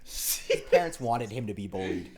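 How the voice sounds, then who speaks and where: A podcast co-host reacting in casual chat with quick jokes and frequent laughter. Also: medium pitch, animated, crowd noise.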